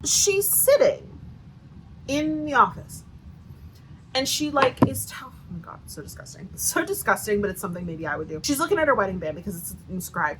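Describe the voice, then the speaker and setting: A woman's voice: high voice, sing-song, moderate pace, a little hiss or hum, rough recording. A woman with a Southern US accent giving a sarcastic, profanity-filled book review rant with lots of "like" fillers. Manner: sarcastic, swears a lot, many "like" fillers.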